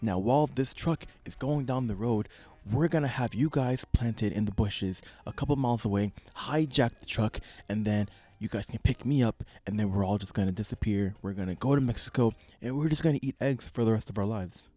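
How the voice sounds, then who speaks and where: A man's voice: lowish voice, brisk, dark tone, dry recording. A young man co-hosting a podcast in casual chat, playfully spinning ideas aloud. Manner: playful, spins schemes aloud. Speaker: podcast co-host.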